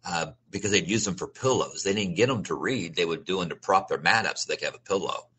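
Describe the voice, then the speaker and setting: A man's voice: low voice, fast talker, fairly bright tone, slight background noise. A middle-aged man telling his life story as an interview guest, speaking earnestly and often restarting and repeating his phrases. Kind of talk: personal testimony in a conversational interview.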